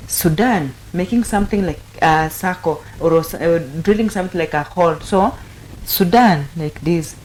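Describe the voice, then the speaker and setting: A woman with a lowish voice teaches sign language slowly and patiently, repeating each word many times. She pauses often with fillers. A faint hum of noise sits behind her. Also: a little mellow. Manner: patient, repetitive, with frequent fillers. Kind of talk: instructional explanation.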